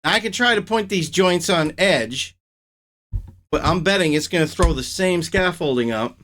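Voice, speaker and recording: Animated higher-voiced male host. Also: moderate pace, slight background noise. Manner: animated, opinionated, ranting. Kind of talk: casual reaction chat.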